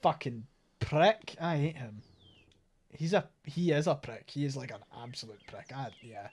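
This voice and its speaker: A man's voice: medium pitch, expressive, normal speed, darkish tone, a little hiss or hum. A Scottish man casually commenting on a game while streaming live, blunt and sweary with a sardonic edge.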